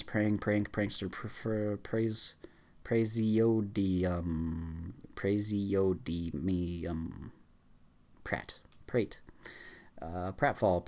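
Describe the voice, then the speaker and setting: Man rattling off words at speed. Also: on the low side. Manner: rattling off words fast, stumbling with fillers and restarts. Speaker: YouTuber. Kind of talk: rapid word-list reading.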